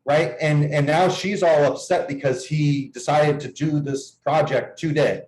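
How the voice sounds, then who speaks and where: A man's voice: on the high side, steady tone, a little slow, darkish tone, a little hiss or hum. A man coaching on dating, explaining his views and telling a client's story in an earnest, casual conversational way. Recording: echoey room.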